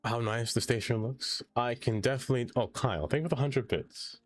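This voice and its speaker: A man's voice: medium pitch, fairly quick, no echo. A man live-streaming a game, chatting playfully, thanking viewers and groaning theatrically at mistakes. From not American. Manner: playful, theatrical groans, reads chat aloud. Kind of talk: casual live-stream chat while playing.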